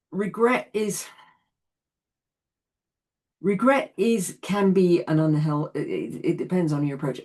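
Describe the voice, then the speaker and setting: A woman's voice: low voice, darkish tone. A woman in her late sixties teaching an online class in a chatty way, often laughing between points. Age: 60s.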